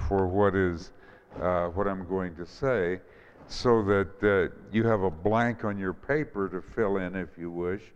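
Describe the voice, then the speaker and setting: A male pastor giving a gentle sermon, with prayerful pauses and restarts, recorded in a church with a dull sound and a long hall echo. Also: fairly low pitch, clear, resonant tone. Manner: gentle, prayerful delivery with frequent ums and restarts.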